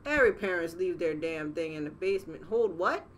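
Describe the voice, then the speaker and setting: A young woman playing a horror game and reacting out loud, profane and jokey as she goes. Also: on the low side, lively intonation, fairly quick, slight background noise. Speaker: gaming channel host.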